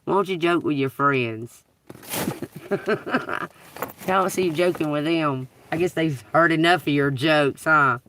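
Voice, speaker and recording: A woman's voice: deep voice, takes it slowly, pauses often, a bit bright, distant mic, a little hiss or hum. A woman tarot reader talking on a livestream, blunt and profane, who laughs often and preaches to her viewers. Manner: preachy, addresses the collective. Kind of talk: casual livestream talk.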